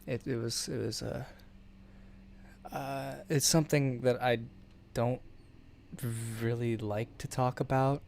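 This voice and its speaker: A man talking on a live stream in a halting, nervous way, full of restarts and fillers, with a shaky voice. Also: medium pitch, creaky, a little mellow, a little hiss or hum.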